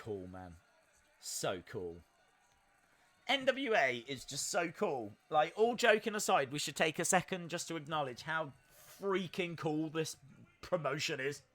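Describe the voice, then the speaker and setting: Man, high bright voice, unhurried, joking watch-along host who erupts into shouts. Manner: excitable, jokey, bursts into shouts. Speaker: live stream host. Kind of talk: wrestling watch-along commentary.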